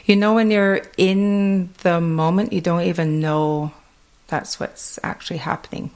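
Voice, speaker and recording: A woman's voice: lowish voice, fairly even intonation, a little slow, a little mellow. Chatty woman with a Kwakwala-tinged accent. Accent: Kwakwala-influenced English. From Alert Bay, Canada. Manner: chatty, laughs often, many fillers. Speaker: interviewee. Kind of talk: casual storytelling.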